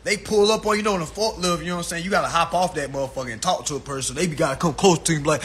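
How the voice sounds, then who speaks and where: A man ranting casually to viewers on a phone livestream, animated, profane and preachy. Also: a little high, racing, hardly any pauses. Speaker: livestream host.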